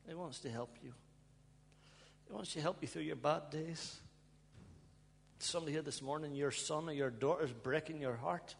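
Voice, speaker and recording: Pleading preacher in a reverberant church. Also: male voice, fairly high pitch, normal speed, vocal fry, long pauses. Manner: pleading, with breaks into soft laughter and sighs. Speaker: pastor. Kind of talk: emotional sermon and prayer. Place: church hall. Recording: long church reverb, faint hum.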